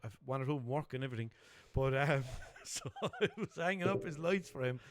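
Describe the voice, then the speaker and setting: A man's voice: a little high, expressive, a little fast, a little hiss or hum. A man with a Limerick Irish accent, hosting a podcast as a casual chat and telling stories with plenty of swearing. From Limerick, Ireland. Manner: swears freely, tells stories with impressions. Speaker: podcast host.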